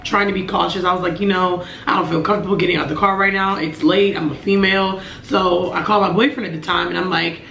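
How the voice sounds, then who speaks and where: A young woman in her twenties telling a personal story to camera, earnest and emotional, with halting restarts. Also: fairly low pitch, steady tone, vocal fry, a bit bright, reverberant. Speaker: vlogger.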